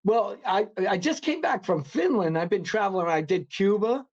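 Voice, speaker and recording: A man's voice: high voice, sing-song, moderate pace, a little mellow. New York man, rambling, lo-fi sound. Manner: rambling, many fillers and restarts. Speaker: podcast guest. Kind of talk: casual interview chat.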